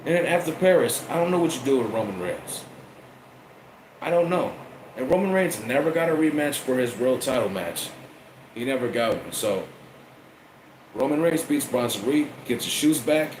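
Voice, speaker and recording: A man's voice: mid-range voice, lively intonation, normal speed, long pauses, darkish tone. A man giving a casual wrestling review, profane and repeating himself as he rambles. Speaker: wrestling commentator. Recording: echoey room with faint air conditioning hum.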